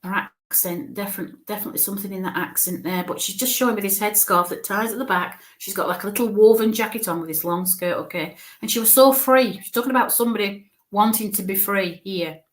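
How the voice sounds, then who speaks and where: A woman medium relays impressions in a live reading with a mid-range voice. She talks haltingly, often breaks off to search for a word, repeats herself and keeps checking in with the listener. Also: mid-range voice. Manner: searches for words mid-sentence. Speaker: spiritualist medium.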